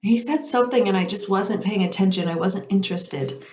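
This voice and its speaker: Her mid-range voice is a little fast and a little mellow as this podcast speaker rambles through everyday stories, laughing often and acting out the people she quotes. The casual chat carries a roomy echo along with a little hiss or hum.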